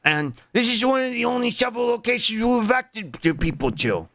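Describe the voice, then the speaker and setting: A man's voice: very high-pitched, very animated, brisk, gravelly, fairly bright tone, no room sound, pitched above the performer's own voice, full character voice. A man voicing a curt, bossy official guarding a camp in a video game. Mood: stern. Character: stern, prickly official guarding a refugee camp.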